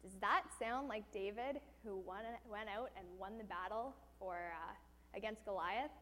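A woman's voice: mid-range voice, measured pace, a bit bright, big-room sound. A woman preaching a sermon, telling a personal story with animation and asking the audience questions.

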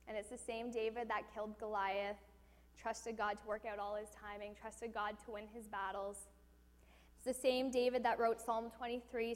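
High-voiced woman preaching in a hall. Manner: storytelling, animated, asks the audience questions. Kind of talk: sermon.

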